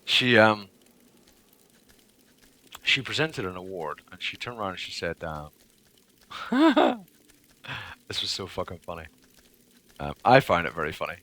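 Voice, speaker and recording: A man's voice: low voice, normal speed, pauses often, sharp tone. A man livestreaming a game, chatting casually to his viewers in a profane, rambling way. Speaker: livestreaming gamer. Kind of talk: casual chat while playing a game.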